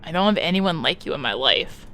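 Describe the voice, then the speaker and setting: A woman doing a soft-spoken evasive teen boy. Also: deep voice, lively intonation, brisk. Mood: earnest. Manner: soft, hesitant, defensive. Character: teenage boy, evasive and placating.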